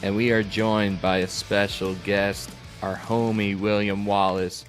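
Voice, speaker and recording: A man's voice: fairly low pitch, little pitch movement, unhurried, faint music behind. A man hosting a casual livestream podcast, opening with an upbeat welcome. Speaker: host.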